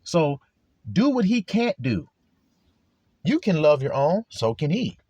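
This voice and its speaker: A man's voice: a little high, big pitch swings, takes it slowly, mellow, husky, no echo, dull audio. A man preaching a sermon to his flock in a blunt, profane way, acting out quarrels in other people's voices.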